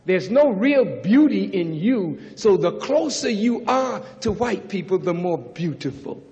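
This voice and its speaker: High-pitched preaching man in a hall. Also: expressive, muffled recording. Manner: preaching, rising to shouts, drawn-out emphasis. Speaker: minister addressing students. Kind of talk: impassioned lecture speech. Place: university auditorium. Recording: archival recording with long hall reverb.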